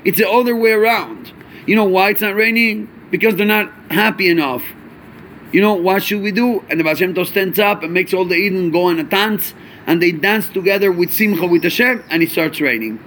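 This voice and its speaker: A man teaching a chassidic Torah class, animated, asking rhetorical questions and mixing in Yiddish and Hebrew terms. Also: sits high, a little fast, a little hiss or hum.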